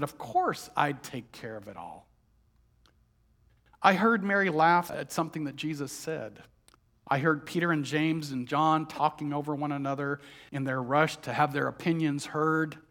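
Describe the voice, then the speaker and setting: A man telling a story as a first-person dramatic monologue, moving between hushed, heavy lines and heated outbursts. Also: a little high.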